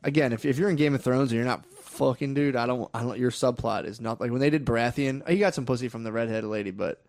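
A man's voice: mid-range voice, quick pace, a little mellow, no room sound, studio quality. A young man co-hosting a podcast, chatting in loose, profane, slangy banter. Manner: laid-back, profane, slangy, puts on silly voices for quotes. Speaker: podcast co-host. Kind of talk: casual crude banter.

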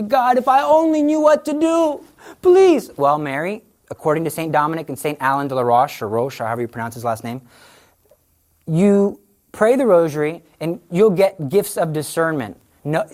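Low-voiced woman giving a lively faith talk. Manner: animated storytelling, acts out quoted voices. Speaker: Catholic speaker on the rosary. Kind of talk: conversational religious talk to an audience.

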